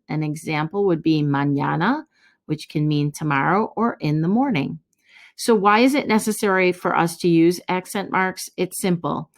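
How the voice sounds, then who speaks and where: A woman Spanish teacher calmly explaining workbook notes to her students. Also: fairly low pitch. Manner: patient, instructive, addresses students directly. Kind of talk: classroom lesson explaining notes.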